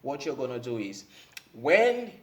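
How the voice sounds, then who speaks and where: A man's voice: medium pitch, big pitch swings, measured pace. A man giving relationship advice in a casual monologue, rambling and emphatic, with many fillers.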